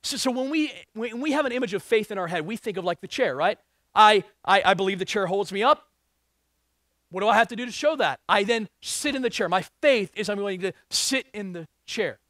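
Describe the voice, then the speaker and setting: A man's voice: high-pitched, expressive, a little fast, a bit bright, no room sound, studio quality. A male pastor preaching a sermon, reading scripture and asking the congregation emphatic rhetorical questions.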